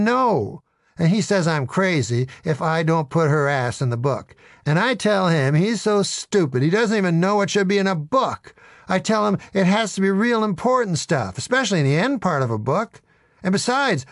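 Deadpan man reading his memoir. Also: sits high, moderate pace, no room sound, studio quality. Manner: deadpan, wry storytelling. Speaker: audiobook narrator. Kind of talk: audiobook memoir narration.

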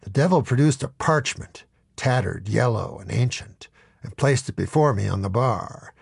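Deadpan comic audiobook narrator, man, gravelly voice, lively pitch swings. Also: moderate pace, dry recording, clean studio sound.

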